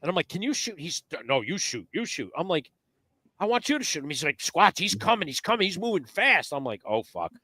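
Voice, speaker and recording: A man telling a hunting story in casual podcast chat, animated and profane, acting out the quotes. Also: fairly high pitch, fairly quick, dry recording, clean studio sound. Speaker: podcast guest.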